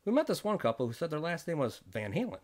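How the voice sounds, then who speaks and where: A man telling a comic first-person story, jokey and fast-shifting between voices. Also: a little high, big pitch swings, a little mellow. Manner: jokey storytelling with quick voice switches.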